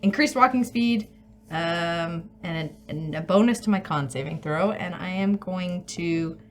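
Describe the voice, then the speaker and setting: A woman playing a tabletop role-playing game, talking hesitantly with many pauses and fillers. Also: fairly low pitch. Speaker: player.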